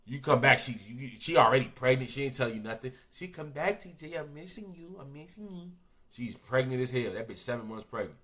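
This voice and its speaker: A young man reacting to a video in casual commentary, loud and animated, riffing in heavy slang and profanity. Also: medium pitch, brisk, few pauses.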